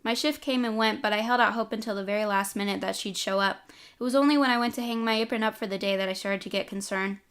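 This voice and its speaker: A woman reading a story aloud in steady first-person narration. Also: medium pitch, fast, smooth. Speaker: storybook reader.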